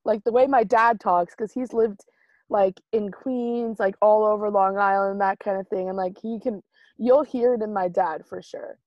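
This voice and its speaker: A young woman co-hosting a podcast in a relaxed, chatty way, leaning on "like" a lot. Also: mid-range voice, normal speed, no room sound, muffled recording. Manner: relaxed, 'like'-heavy, giggly. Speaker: podcast co-host. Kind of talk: casual podcast chat.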